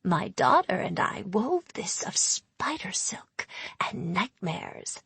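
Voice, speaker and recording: A woman's voice: mid-range voice, very animated, takes it slowly, husky, no echo, exaggerated voice. A woman voicing an ancient, sly female hag in an audiobook, speaking in a purring, hissing whisper. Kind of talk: audiobook character voice.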